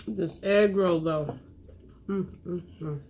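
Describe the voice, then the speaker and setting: A woman hosting a mukbang, chatting casually while eating, telling animated stories and humming as she savors each bite. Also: fairly low pitch, slow. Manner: animated storyteller, lots of savoring hums. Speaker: mukbang host.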